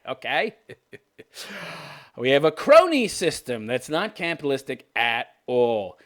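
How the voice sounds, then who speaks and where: Man, 50s, podcast host, sarcastic, scornful rant, lively swooping pitch. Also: normal speed. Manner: sarcastic, scornful, laughs often. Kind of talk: political commentary rant.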